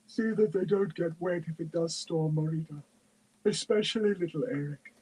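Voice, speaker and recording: A man doing a sleepy, husky old dragoness. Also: a little high, moderate pace, a little mellow, pitched above the performer's own voice, rough recording. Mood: sleepy, fond. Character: ancient half-blind female red dragon, sleepy and gentle. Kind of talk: audiobook-style reading.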